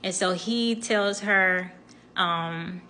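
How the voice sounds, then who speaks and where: A young woman vlogger telling a story in a chatty, expressive way, speaking straight to her viewers. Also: mid-range voice, extremely slow, slight background noise. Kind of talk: casual storytime.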